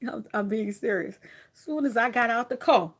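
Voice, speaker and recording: A woman crafter chatting casually to her viewers, telling stories in a lively, animated way with frequent laughs and asides. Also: a little high, measured pace, husky. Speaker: craft vlogger.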